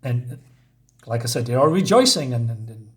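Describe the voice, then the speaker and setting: A man's voice: mid-range voice, lively intonation, moderate pace. A man giving a casual comic book review, summarizing the story in rambling talk full of fillers.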